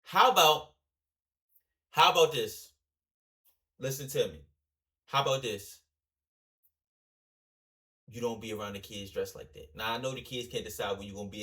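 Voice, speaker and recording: A man hosting a reaction video, talking casually and rambling in a slangy, animated way, often addressing his viewers directly. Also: medium pitch, moderate pace, long pauses.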